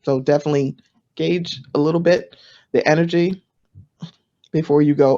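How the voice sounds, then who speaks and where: A woman giving casual advice on a panel, chatty and playful, acting out quoted voices with sudden jumps in pitch. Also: steady tone, normal speed, pauses often, dark tone, lo-fi sound.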